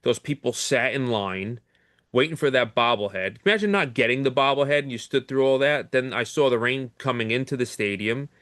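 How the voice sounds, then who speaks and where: A man's voice: mid-range voice, a little fast, a bit bright, no echo, clean studio sound. A man co-hosting a sports talk podcast, frustrated and rambling, swearing casually. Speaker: podcast co-host.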